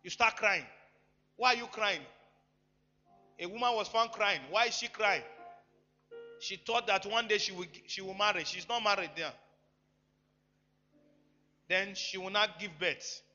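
A man preaching a sermon, emphatic, swinging between loud bursts and quiet asides. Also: high voice, unhurried, long pauses. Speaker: pastor. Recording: echoey hall, dull lo-fi sound, faint music.

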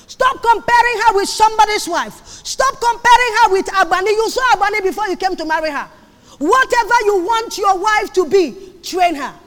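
A woman preaches with a very high voice, pressing her points by repeating them and now and then shouting. Her words ring out in a long reverb that fills a big hall. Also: moderate pace. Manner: emphatic, repeats phrases, sudden shouts. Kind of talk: sermon on marriage.

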